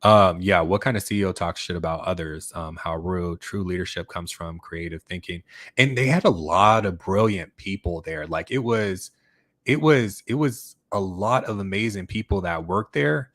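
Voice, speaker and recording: A man's voice: low-pitched, moderate pace, a bit bright, dry recording, studio quality. A man hosting a casual livestream chat, rambling with many fillers and restarts as he reads viewer comments. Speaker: YouTube channel host.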